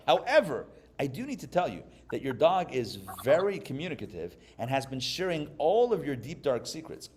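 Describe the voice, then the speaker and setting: A man's voice: on the high side, voice pushed up. A man playing a crafty fellow who earnestly bluffs his way out of trouble in a joke he retells, speaking in a solemn, confiding way.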